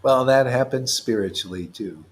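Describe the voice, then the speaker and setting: A man's voice: mid-range voice, normal speed. A man leading an informal devotional talk, reading scripture aloud, explaining it playfully and laughing often. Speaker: spiritual teacher.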